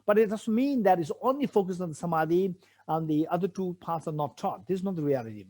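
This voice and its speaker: Man, Buddhist teacher, fairly high voice, soft mellow tone, repeats key phrases, rhetorical questions. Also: animated, fast. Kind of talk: teaching a sutra commentary.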